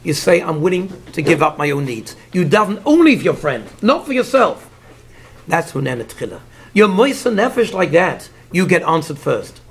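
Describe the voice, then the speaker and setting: A man's voice: a little high, normal speed, gravelly, slightly rough. A man giving a Torah lecture, explaining commentaries in English mixed with Hebrew terms and acting out the figures in the story. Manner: animated, acts out the figures in the story. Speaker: Torah teacher.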